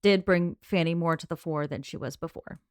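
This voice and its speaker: A woman's voice: sits low, a little fast, darkish tone, clean tone, dry recording, studio quality. A woman co-hosting a podcast, leading the segments of a casual book discussion in an organized, talkative way. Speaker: podcast co-host.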